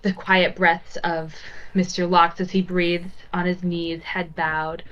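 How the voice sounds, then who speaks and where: A woman running a tabletop role-playing game as game master, describing scenes in a measured storytelling way. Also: lowish voice, flat delivery, fairly bright tone, highs cut off.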